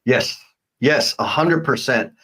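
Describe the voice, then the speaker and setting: A man's voice: medium pitch, slow pace, slightly rough. A man co-hosting a live stream, chatting casually, reading viewer comments aloud and joking about himself. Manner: animated, playful, self-mocking. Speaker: co-host of a live show.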